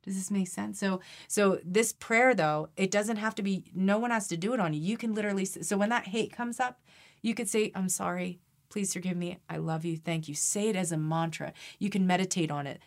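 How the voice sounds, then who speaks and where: A woman with a low voice speaks as a podcast guest about energy healing. She talks earnestly and with energy, repeats herself, and softens to a hushed tone when she recites prayers. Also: brisk. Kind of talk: conversational interview.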